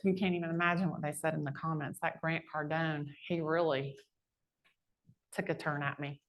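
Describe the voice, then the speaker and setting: A woman, a real estate agent giving a chatty, animated storytelling talk to a live audience. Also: deep voice, normal speed. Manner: chatty, animated storyteller with lively quoted voices.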